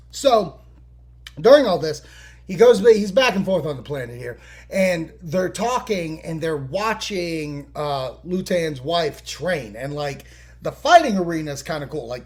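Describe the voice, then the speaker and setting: Animated man recapping an episode. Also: fairly high pitch. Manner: animated, profane, acts out characters in quick voices. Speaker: podcast host.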